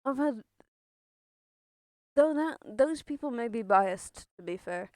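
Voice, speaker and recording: A young woman streams a game and chats rambling and casual, swearing and laughing often. Her voice is fairly high, expressive, slow, and a bit dark in tone, with no room sound.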